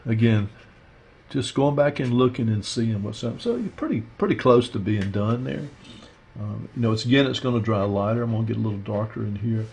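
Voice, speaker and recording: A man teaching a watercolor painting demo, talking through his steps in a relaxed, rambling way with lots of fillers. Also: lowish voice, a little fast, gravelly, husky. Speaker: art instructor. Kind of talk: casual painting demonstration.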